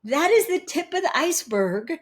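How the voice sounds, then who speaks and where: Lebhafte Frau mit hoher Stimme. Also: female voice, high voice, normal speed. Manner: animated, laughs often, acts out quotes. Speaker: guest relationship educator. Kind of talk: conversational interview storytelling.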